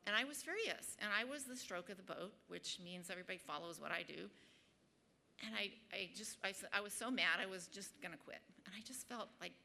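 A woman's voice: mid-range voice, lively intonation, brisk, vocal fry, sharp tone. A woman giving a personal faith testimony and Bible teaching to a group, chatty, with lots of ums and little laughs at herself. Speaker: speaker at a Bible study group.

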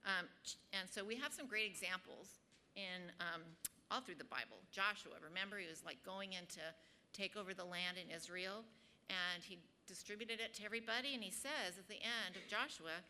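A woman's voice: medium pitch, normal speed, sharp tone, slight background noise. A woman giving a personal faith testimony and Bible teaching to a group, chatty, with lots of ums and little laughs at herself. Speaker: speaker at a Bible study group.

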